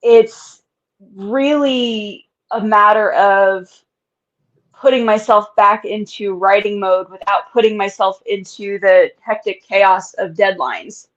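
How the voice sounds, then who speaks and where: Woman, author guest, candid and chatty, frequent laughs, medium pitch, dull lo-fi audio. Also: steady tone, takes it slowly. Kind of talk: casual interview chat. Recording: dull lo-fi sound.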